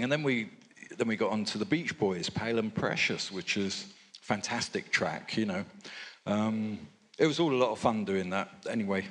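A man's voice: on the low side, normal speed, a bit bright. An older man from England, a record producer telling rambling, anecdotal stories in a live interview with chuckles.

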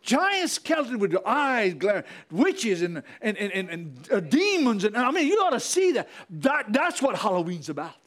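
Pastor, male, fiery sermon delivery, very high and lively pitch. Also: moderate pace, hardly any pauses. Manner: fiery preaching with repetition and calls to the congregation.

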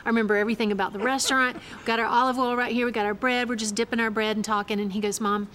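A woman's voice: fairly high pitch, steady tone, racing, a little hiss or hum. Woman telling family stories in an interview. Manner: warm storyteller, acts out family dialogue. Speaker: guest, co-author of a parenting book. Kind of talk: conversational storytelling interview.

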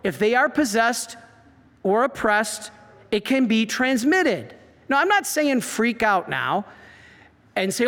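A man, a priest giving an animated talk full of stories and acted-out quotes. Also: very high-pitched, slow. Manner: animated storyteller, acts out quotes. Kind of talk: preaching talk. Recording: reverberant hall.

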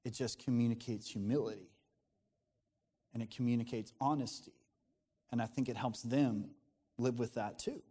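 A man's voice: medium pitch, fairly even intonation, moderate pace, pauses often, dark tone, slightly rough, in a large hall. A man, a pastor, preaching a conversational sermon in an earnest tone, often restarting his sentences.

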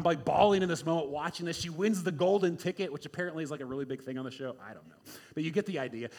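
A male pastor giving a conversational sermon, informal and repetitive, swinging between loud emphasis and quiet asides. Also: a little high. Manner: informal, repeats words, many "like"s and "right?"s.

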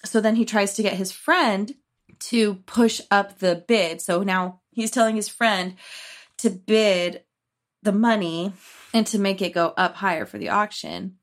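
A woman co-hosting a podcast, casually recapping a film in a rambling, animated way, quoting characters and swearing freely. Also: medium pitch, unhurried. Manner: rambling, animated retelling with quoted voices and swearing. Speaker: podcast co-host.

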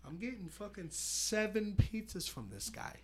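A man hosting a podcast in casual chat, telling loud, profane, animated stories. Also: high-pitched, moderate pace, slight background noise. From California. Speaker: podcast host.

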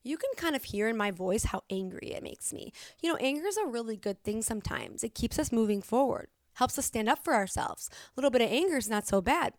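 Woman, podcast host, candid and emphatic, fairly high voice, dry close sound. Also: animated, a little fast, few pauses, no echo. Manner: candid and emphatic, swears, restarts herself. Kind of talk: motivational solo podcast.

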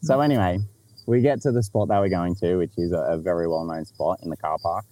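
A man's voice: sits low, fairly quick, dark tone. A man with an Australian accent telling a story in casual podcast chat, laid-back, swearing freely and laughing along.

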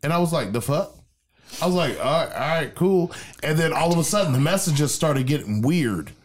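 Animated man telling a story, rising and falling. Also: a little fast, slight background noise. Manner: animated, profane, acts out quotes in a mocking high voice. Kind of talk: casual storytelling.

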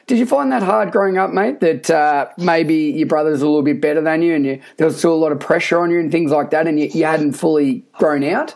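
A man's voice: a little high, brisk, creaky, few pauses, a little mellow. A man with an Australian accent hosting a podcast interview, upbeat and chatty, calling his guest "mate" and using plenty of fillers. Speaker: podcast host. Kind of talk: casual interview chat.

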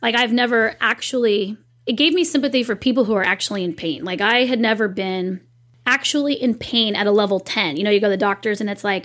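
A woman in her thirties who owns a company appears as a guest in a casual interview. Speaking fairly quickly at a medium pitch, she tells a personal story in an animated, chatty way.

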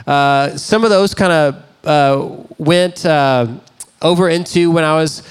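A man's voice: fairly high pitch, takes it slowly, smooth. Conversational storytelling man preacher. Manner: conversational, self-deprecating storytelling. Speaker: pastor. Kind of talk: sermon with personal stories.

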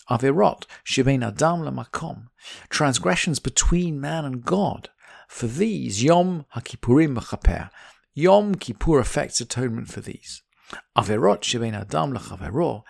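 A man teaching a religious text, reading each Hebrew line slowly and then explaining it in plain English. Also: medium pitch, gravelly, no echo, clean studio sound. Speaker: Talmud teacher. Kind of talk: text study lesson.

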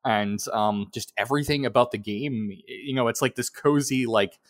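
A man's voice: medium pitch, normal speed, no echo. A rambling, laughing man, dry close mic. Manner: rambling with many likes and you-knows, laughing. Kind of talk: casual chat.

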